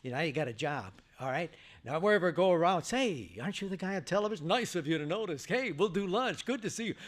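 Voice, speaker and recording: An older man gives a banquet speech, his fairly high voice rising sharply whenever he acts out what someone said. He tells his stories with plenty of animation, stammering and restarting as he goes. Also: fast talker. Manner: animated storytelling, acts out quotes. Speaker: guest speaker. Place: church banquet hall.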